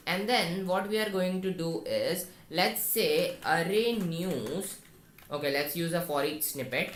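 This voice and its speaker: Slow, low-voiced woman coding tutor. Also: fairly bright tone. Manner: thinks aloud, talks viewers through the code step by step. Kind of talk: screen-recorded coding tutorial. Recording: echoey room with faint noise and keyboard typing.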